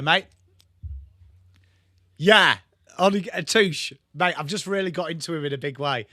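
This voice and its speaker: Bright, dry-sounding male watchalong host. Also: a little high, measured pace, no echo. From England. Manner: banter with viewers, swears freely. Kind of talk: casual live football commentary and chat.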